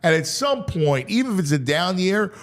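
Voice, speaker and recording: A man's voice: sits high, sing-song, normal speed. A man hosting a sports talk radio show, chatting casually with many stumbling restarts. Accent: Philadelphia.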